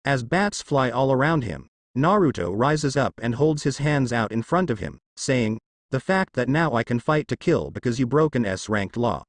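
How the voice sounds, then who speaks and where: A man's voice: mid-range voice, animated, normal speed, no room sound, studio quality. A man narrating a dramatic fan fiction story.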